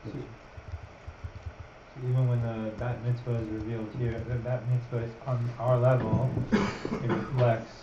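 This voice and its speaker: A male student puzzles out a point aloud, hesitating and starting over. His pitch stays flat. He sounds far off in a roomy space, under heavy noise on a dull, lo-fi recording. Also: a little slow. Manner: thinks aloud, hesitant, restarts. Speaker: student in the class. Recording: roomy, noisy, lo-fi, off-mic.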